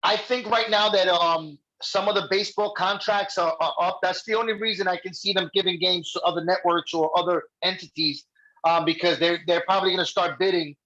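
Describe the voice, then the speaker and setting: Excitable, rambling high-voiced man. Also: a little fast, lo-fi sound. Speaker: guest co-host. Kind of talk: casual fan chat.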